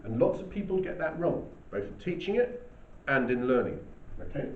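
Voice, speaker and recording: A man's voice: fairly high pitch, very animated, moderate pace. Male English teacher, classroom lesson; distant mic, dull lo-fi sound. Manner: explanatory, frequent "okay?" checks. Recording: distant, dull, roomy with faint hiss.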